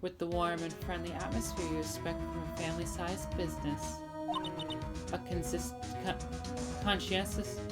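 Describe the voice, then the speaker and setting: A woman voicing a soft-spoken, sweet older woman who runs a lending business, speaking gently over game music. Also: fairly low pitch, lightly acted. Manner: gentle, honeyed.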